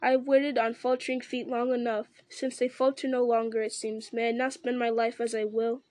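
A woman's voice: on the high side, flat delivery, normal speed, darkish tone, no echo, natural voice. A woman reading as a proud, bitter shield maiden. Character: proud young noblewoman warrior, bitter and restless.

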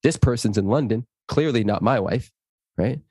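A man's voice: medium pitch, moderate pace, slightly rough, dry recording, studio quality. A man, a guest in an interview, telling a personal story and acting out the dialogue in it. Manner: animated, acts out dialogue in his stories.

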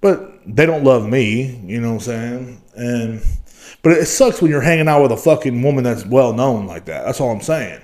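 A man's voice: mid-range voice, expressive, normal speed, darkish tone. Young man, podcast host, profane, rambling, casual rant.

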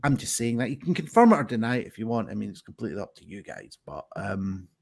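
A man's voice: fairly low pitch, very animated, fast talker, gravelly, a little mellow, breathy edge. Rambling man hosting a pun show. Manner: chatty and rambling, with frequent ums. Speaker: game show host. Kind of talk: hosting a live-streamed pun contest.

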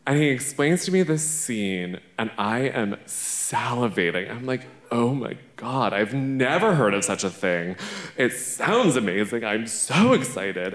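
A man, a drag performer, telling a playful, brash and profane story live on a theater stage. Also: medium pitch. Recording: echoey theater stage recording.

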